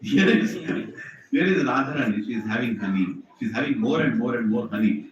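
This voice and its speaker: A man telling a devotional story to a temple audience, animated and often asking the audience questions. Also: medium pitch, moderate pace, a little hiss or hum. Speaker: preacher. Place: temple hall. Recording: echoey hall, distant mic, dull sound.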